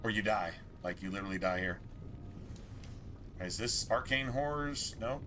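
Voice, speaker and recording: A man's voice: fairly low pitch, animated, normal speed, noisy background. A man streaming a game, rambling casually with a lot of swearing and exasperation. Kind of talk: casual gameplay commentary.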